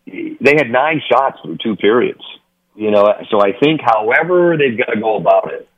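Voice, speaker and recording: A man's voice: low voice, phone-quality sound. A man, a hockey broadcaster, chatting by phone on a sports radio show, rambling with many fillers and restarts.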